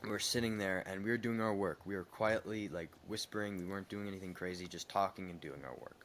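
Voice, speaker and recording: A young man chatting on a podcast, telling a story in a heated, animated way with some swearing. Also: low voice, fast talker, hardly any pauses. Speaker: podcast co-host. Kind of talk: casual podcast chat.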